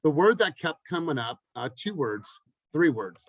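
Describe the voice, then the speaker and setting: A man coaching his team in a motivational talk, energetic and emphatic, repeating phrases for effect. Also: fairly high pitch, moderate pace, dry recording, rough recording. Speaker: real estate team coach.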